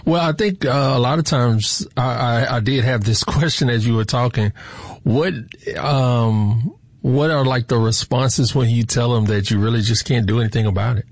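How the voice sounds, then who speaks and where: A man's voice: mid-range voice, moderate pace. A man co-hosting a radio show in a studio, easygoing and a bit hesitant, with plenty of fillers. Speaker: radio co-host. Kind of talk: casual radio talk.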